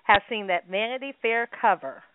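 A woman co-hosting a casual chat, animated and emphatic, laughing often. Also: medium pitch, normal speed, noisy background. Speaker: co-host. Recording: tinny phone-like sound, dry.

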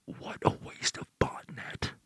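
A man's voice: a little slow, fairly bright tone, no room sound, close to an everyday voice. A man voicing a crude, taunting hacker in whispered role-play. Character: male hacker gang member, taunting and crude.

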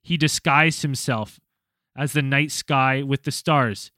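A man's voice: medium pitch, fairly even intonation, slow pace, sharp tone, no room sound. A young man hosting a podcast, reading a creepy listener story aloud and then chatting casually with some swearing. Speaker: podcast host.

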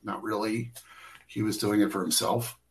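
A man's voice: fairly low pitch, steady tone, moderate pace, rough recording. A man who works as a camera operator, telling behind-the-scenes stories in a casual interview, rambling with many restarts and fillers.

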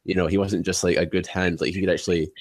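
Deep-voiced halting male podcaster. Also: level tone, slightly rough, dry recording. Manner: halting, heavy use of "like". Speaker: podcast co-host. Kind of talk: casual wrestling chat.

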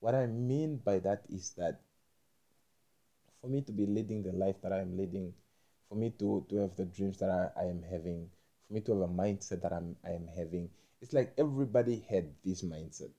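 A young man talking in a rambling monologue, halting and repeating himself, with frequent swearing. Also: sits low, mellow.

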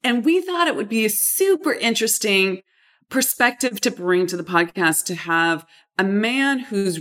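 A woman's voice: mid-range voice, a bit bright. A woman hosting a podcast interview, talking with enthusiasm and often repeating words. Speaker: podcast host.

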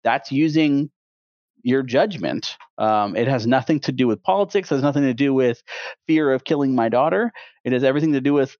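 A man's voice: mid-range voice, animated, fairly quick, a little mellow, no echo. A man in his thirties co-hosting a podcast, talking casually with a rambling, opinionated manner and many restarts. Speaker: podcast co-host. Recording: dull, dry podcast audio.

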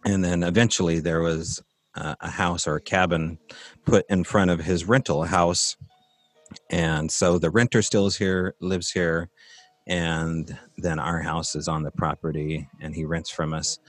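Man, very deep voice, dry close sound, rambling casual storytelling, lots of fillers. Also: fairly even intonation, a little slow, no echo, faint music behind. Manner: rambling, chuckling, many fillers. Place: rural property.

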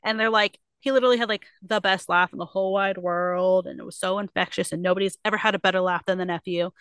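Bright, crisp young woman retelling a story. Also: medium pitch, no room sound. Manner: animated retelling with quick put-on quotes, many fillers. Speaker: podcast co-host. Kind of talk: casual book club chat.

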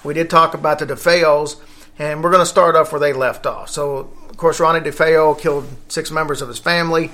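Guy hosting a chatty podcast, bright kinda high voice, lots of uh and restarts. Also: fairly even intonation, brisk. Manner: rambling, with fillers and self-corrections. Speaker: podcast host. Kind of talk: casual podcast chat.

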